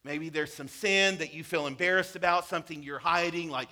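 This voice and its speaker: A man's voice: a little high, brisk, bright, forceful tone. A pastor preaching a sermon in a conversational, emphatic way, acting out the quotes he tells.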